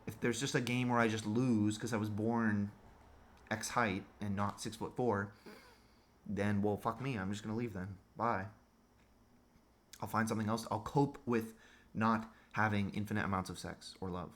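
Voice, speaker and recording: A man's voice: lowish voice, steady tone, normal speed. A man delivering a crude, sarcastic monologue rant as a vlogger.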